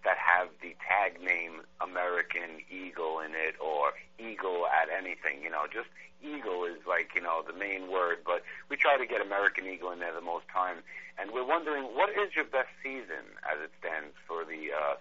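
A man's voice: deep voice, expressive, normal speed, sharp tone, full character voice. A congested man playing a pushy American tourist in a prank phone call, rambling and mock-polite. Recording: tinny phone line.

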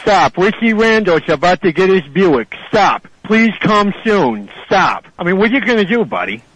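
A man's voice: high voice, very animated, moderate pace, fairly bright tone, husky, dry recording, lo-fi sound, exaggerated voice. A man doing a brash belligerent car-chaser. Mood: taunting. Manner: crude, taunting, boastful. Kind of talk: prank call.

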